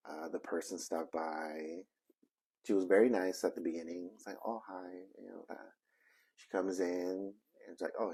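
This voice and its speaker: A man casually telling a story from his reselling business, rambling and halting with many fillers and restarts. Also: low-pitched, vocal fry, darkish tone, breathy edge. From Arizona, United States.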